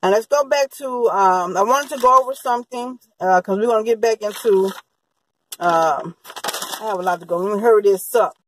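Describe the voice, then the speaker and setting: A woman's voice: medium pitch, normal speed, a little hiss or hum, poor audio. A woman giving a rambling, unscripted crime-history monologue, full of fillers and restarts. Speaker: true-crime commentator.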